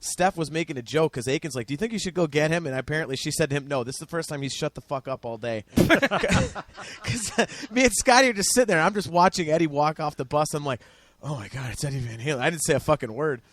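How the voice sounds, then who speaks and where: Fast-talking excitable man telling stories. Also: a little high. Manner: excited, profane, rambling storyteller. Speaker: podcast guest. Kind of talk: casual chat, storytelling.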